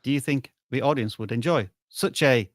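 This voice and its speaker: A man's voice: medium pitch, normal speed, no room sound, studio quality. A man co-hosting a live-stream of channel reviews, chatting in an easygoing, wry way. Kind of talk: casual live-stream banter.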